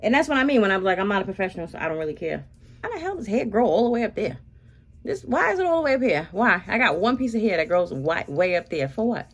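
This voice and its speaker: A young woman talks casually to her viewers, rambling into animated asides. Her pitch sits in the middle but swings widely and expressively from phrase to phrase. She sounds like a beauty vlogger chatting through her routine. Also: fast. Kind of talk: casual chat while waxing.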